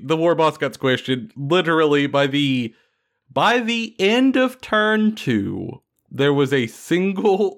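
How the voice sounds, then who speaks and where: Man animatedly recounting a tabletop battle. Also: mid-range voice. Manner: animated, playful storytelling with lots of fillers. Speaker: podcast host. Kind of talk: casual tabletop gaming chat.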